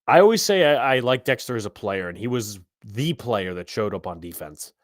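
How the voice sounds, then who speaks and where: A man hosting a live sports podcast, ranting heatedly and profanely about his team, his voice swelling loud when angry. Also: on the low side, expressive, normal speed, dry recording, clean studio sound. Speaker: podcast host.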